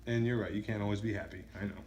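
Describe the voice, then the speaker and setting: A man's voice: on the low side, fairly even intonation, rapid-fire, darkish tone, roomy sound, slight background noise, low-quality recording. A man talking casually while throwing dice at home, rambling between throws and counting results aloud. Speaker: craps vlogger. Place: indoors at a home dice-practice setup.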